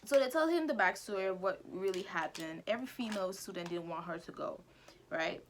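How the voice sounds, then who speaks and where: Chatty woman recapping with lively energy. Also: medium pitch, a little fast, slight background noise. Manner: animated, chatty, acts out characters' lines. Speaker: vlogger recapping an anime. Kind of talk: casual chat while doing makeup.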